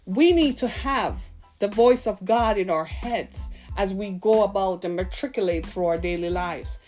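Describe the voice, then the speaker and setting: A woman's voice: medium pitch, unhurried, a little mellow, faint music behind. A woman in her fifties preaching a sermon, impassioned and full of rhetorical questions to her listeners. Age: 50s.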